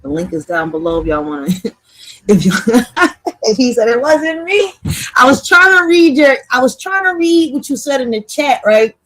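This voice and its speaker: A woman with a somewhat high voice hosts a casual livestream. She talks in an animated, loose way, swears a lot and keeps laughing. She speaks right to the people in her chat. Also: normal speed. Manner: animated, laughing, profane, addresses the chat directly. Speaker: livestream host.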